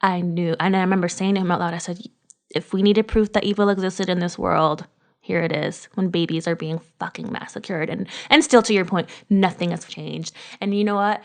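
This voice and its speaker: A woman's voice: on the low side, steady tone, normal speed, creaky, darkish tone. A woman in her thirties from Connecticut, co-hosting a podcast in casual chat, speaking emotionally and swearing freely. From Connecticut, USA. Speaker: podcast co-host.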